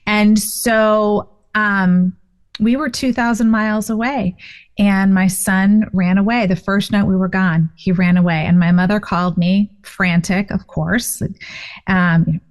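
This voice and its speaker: A woman in her fifties, a guest author and parent, telling a personal story in a casual interview with an animated, expressive delivery. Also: medium pitch, unhurried. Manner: animated, expressive retelling with frequent fillers.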